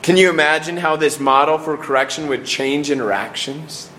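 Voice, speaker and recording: A man's voice: on the high side, sharp tone, slight background noise. A middle-aged man preaching a sermon in an earnest way, often restarting and trailing off at the ends of phrases. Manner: earnest, with many restarts and falling pauses.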